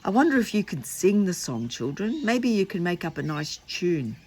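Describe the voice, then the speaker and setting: An older woman reading a children's book aloud, gentle and coaxing as she talks to the young listeners, birds outside. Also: on the low side, very animated, normal speed, breathy edge. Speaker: storyteller for children.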